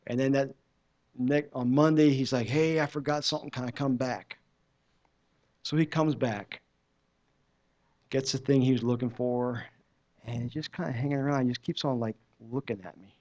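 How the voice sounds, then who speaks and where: A man's voice: mid-range voice, fairly even intonation, moderate pace, long pauses, darkish tone. A man giving a personal testimony at a church service, telling his story in a loose, conversational way with many restarts. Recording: dull muffled recording.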